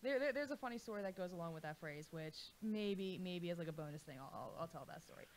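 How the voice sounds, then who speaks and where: A woman's voice: lowish voice, expressive, fast talker, a little hiss or hum. Chatty woman telling stories. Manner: storytelling, digressive, corrects others. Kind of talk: casual radio chat.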